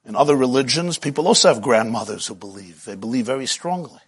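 A man's voice: medium pitch, expressive, quick pace, breathy edge. A middle-aged man giving a spiritual lecture as a Jewish teacher, with rhythmic, repetitive phrasing that often builds with passion.

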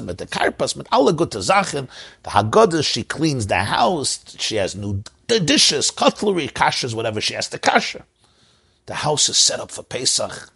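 A man's voice: mid-range voice, vocal fry, a bit bright, husky. A man, a rabbi from Crown Heights, telling an emotional story in a sermon and mixing in Yiddish and Hebrew words. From Crown Heights, Brooklyn.

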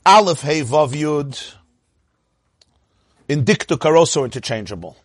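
Husky guy teaching torah, voice jumps way up and down, dry close sound, slightly high. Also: a little slow, no room sound. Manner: animated, laughs often, swoops up into a high voice. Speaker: rabbi teaching a class.

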